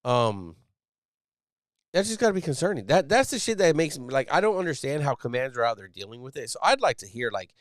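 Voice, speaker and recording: Guy in his 30s ranting casual on a live stream, swears a lot, mid pitch, dry close mic. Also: big pitch swings, fairly quick, hardly any pauses, no echo. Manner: blunt, profane, rambling with many restarts. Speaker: podcast host, Navy sailor.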